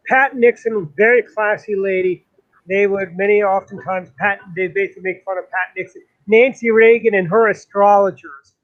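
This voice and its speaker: Guy with a high voice ranting on a politics show, muffled lo-fi sound, lots of uhs. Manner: indignant, talks in long runs with many fillers. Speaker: co-host. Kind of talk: political commentary chat.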